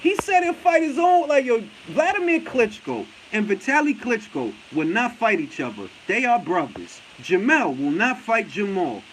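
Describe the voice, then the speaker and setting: A male boxing talk show host ranting in casual chat, animated and profane, hammering his points with repetition. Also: sits high, normal speed, few pauses, a little hiss or hum, rough recording. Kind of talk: casual chat, heated rant.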